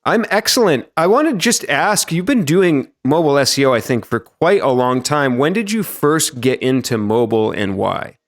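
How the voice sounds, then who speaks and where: A man's voice: medium pitch, big pitch swings, moderate pace, few pauses. A man hosting a podcast interview, upbeat and chatty with some fillers. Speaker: podcast host.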